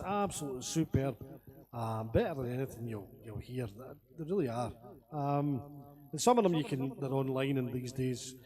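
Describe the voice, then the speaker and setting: A Scottish man chatting casually between songs on a webcam stream, rambling and laughing as he tells stories. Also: mid-range voice. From Scotland. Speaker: singer streaming to friends.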